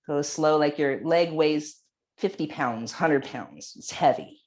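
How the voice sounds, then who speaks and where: Slow, low-voiced woman guiding yoga. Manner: calm, unhurried cueing. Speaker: yoga instructor. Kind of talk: guided exercise instruction.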